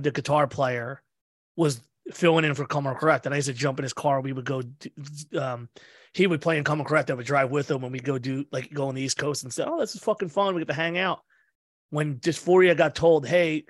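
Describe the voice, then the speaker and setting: Animated, cursing man telling a story. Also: a little high, no echo, studio quality. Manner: animated storyteller, swears a lot, acts out quotes. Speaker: podcast host. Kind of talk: casual conversation.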